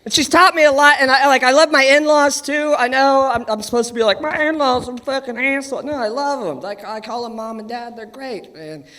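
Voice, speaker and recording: A man doing a stand-up comedy routine, ranting in an animated, profane, conversational way and often shouting in a high, strained voice. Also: fairly quick, few pauses.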